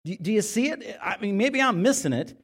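A man's voice: high voice, animated, fairly quick. A male pastor giving a conversational sermon in a church, often asking his listeners rhetorical questions.

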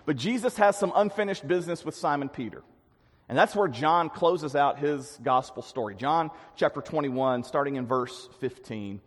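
A man's voice: on the high side, normal speed. Man preaching in a reverberant hall. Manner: earnest, dynamic preaching with emphatic swells and quiet drops. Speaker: pastor. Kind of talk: sermon.

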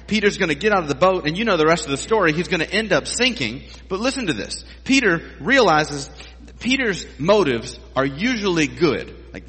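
A man's voice: on the high side, fairly bright tone, slightly rough, in a large hall. A male pastor preaching a sermon in a conversational, emphatic way, asking his listeners rhetorical questions.

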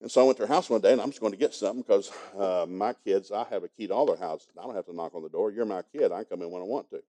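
A man's voice: on the low side, racing, hardly any pauses, dark tone. An older man preaching a sermon in a folksy, emphatic and humorous storytelling manner.

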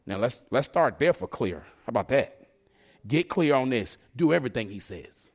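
A man preaching a sermon in a conversational, joking way, slipping into quick acted asides. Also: mid-range voice, sing-song.

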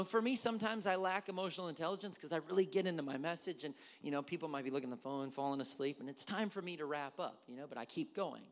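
A man delivers a sermon in a church. His voice sits high and swings widely as he tells the story with animation and throws questions out to the congregation. The sound hangs in a long hall reverb. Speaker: pastor.

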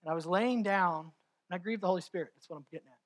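A man's voice: high-pitched, racing. Male pastor, passionate sermon delivery, confessional and heartfelt. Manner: passionate, rises to near-shouting in climaxes; confessional, candid storytelling.

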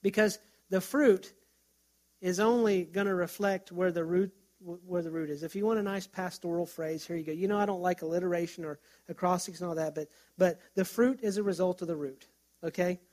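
A middle-aged male pastor preaches a sermon in a conversational, storytelling way, often restarting himself. His voice is high with fairly even intonation, a darkish tone, and a slightly fast pace.

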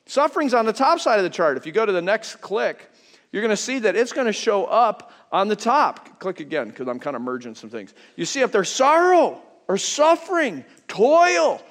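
A middle-aged man preaches in a talky, story-driven way, dropping to quiet asides and then rising to loud emphasis. His voice sits high for a man, and it rings out in a reverberant hall. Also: very animated, normal speed. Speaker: pastor. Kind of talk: sermon.

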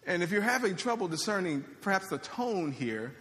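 Male pastor, conversational sermon with joking asides; high-pitched, reverberant hall. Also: big pitch swings, normal speed, few pauses, a bit bright.

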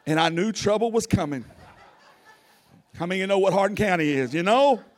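A man preaching a sermon, telling a folksy story that swings from loud to hushed. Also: sits high, animated, a little fast. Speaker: pastor.

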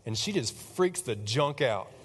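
A man preaching in a casual, animated storytelling style, chatty and full of fillers, who acts out the people in his story. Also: mid-range voice, unhurried, noisy background. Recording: long hall reverb.

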